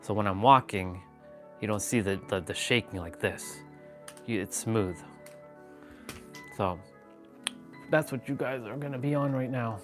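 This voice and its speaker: A man's voice: on the low side, unhurried, pauses often, soft background music. A man chatting casually on a live stream from his phone at home, rambling and greeting viewers by name. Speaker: vlogger. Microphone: phone on gimbal.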